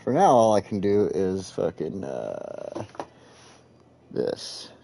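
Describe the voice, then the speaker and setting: A man's voice: low voice, sing-song, takes it slowly, gravelly, warm tone, a little hiss or hum. A man hosting a casual live game stream, rambling and swearing as he talks to his chat while clicking through menus. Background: faint background music.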